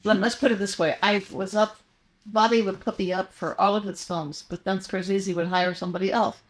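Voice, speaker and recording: A woman's voice: medium pitch, steady tone, fairly quick. Older female guest, loose and rambling storyteller, lots of ums and self-corrections. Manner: rambling, meandering anecdotes with many fillers and restarts. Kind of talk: casual interview storytelling.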